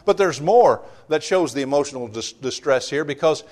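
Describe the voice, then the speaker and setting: A man's voice: a little high, expressive, moderate pace, a little mellow. A man preaching a sermon, explaining a Bible passage earnestly and repeating rhetorical questions. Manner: reads scripture aloud with emphasis.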